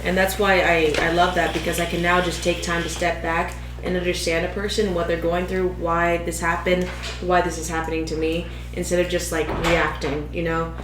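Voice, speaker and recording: Laid-back young woman, low voice, echoey. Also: level tone, normal speed. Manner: laid-back, says "like" and "you know" often. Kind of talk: casual chat. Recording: echoey room with clear background noise.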